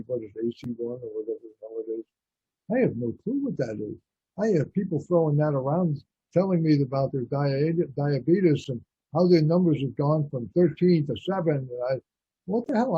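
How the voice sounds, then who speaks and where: A man's voice: mid-range voice, normal speed, slightly rough, no room sound. A man hosting a radio talk show, talking in a rambling, blunt and opinionated monologue. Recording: dull lo-fi radio audio.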